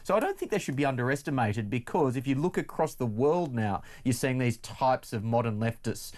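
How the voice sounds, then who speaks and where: A man with an Australian accent giving earnest political commentary in a studio chat, building his points in steady lists. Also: mid-range voice, brisk. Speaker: studio co-host.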